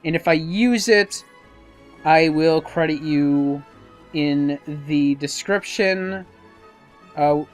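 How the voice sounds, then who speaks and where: With faint music behind him, a YouTuber commentating a let's-play speaks slowly and leaves long pauses in his mid-range voice. He rambles casually, thinking out loud about where to go, full of hesitant fillers.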